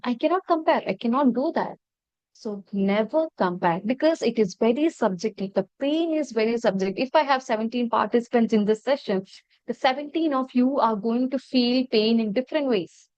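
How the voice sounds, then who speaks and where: A woman's voice: on the high side, brisk, no echo, muffled recording. A woman with an Indian English accent giving an online training lecture to nurses, earnest, with repeated rules and rhetorical questions. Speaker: nursing trainer.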